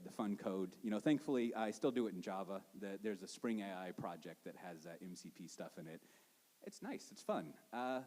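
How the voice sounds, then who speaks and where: A man wrapping up a conference talk in a halting, self-deprecating way. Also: medium pitch, darkish tone. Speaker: conference speaker. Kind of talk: closing a talk. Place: large hall with long reverb. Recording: live conference hall reverb.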